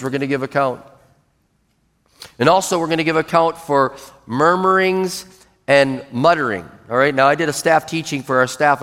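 Preaching man in an echoing hall. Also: a bit bright. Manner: emphatic, acts out quoted mutterings in a low grumble. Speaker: pastor. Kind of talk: sermon. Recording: long reverb in a large hall.

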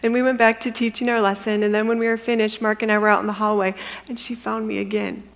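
A middle-aged woman giving a testimony as a sermon, telling her story earnestly and dropping into a hushed whisper for the quiet moments. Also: mid-range voice, flat delivery, fast. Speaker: women's ministry speaker. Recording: long hall reverb.

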